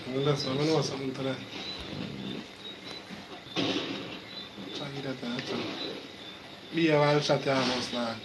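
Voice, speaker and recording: A man's voice: medium pitch, fairly even intonation, unhurried, pauses often. A man in easygoing, curious casual chat. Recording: noisy background.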